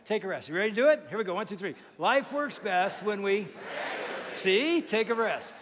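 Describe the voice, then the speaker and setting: High-voiced pastor preaching in a reverberant hall. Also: male voice, a little fast, noisy background. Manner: lively, joking, asks the congregation questions. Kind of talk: sermon. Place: church sanctuary.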